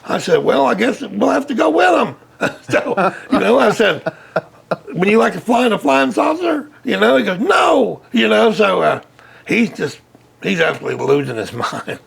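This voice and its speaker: Man, high and gravelly, animated storyteller guest. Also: moderate pace. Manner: animated, acts out quotes loudly. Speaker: interview guest, witness. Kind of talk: casual storytelling.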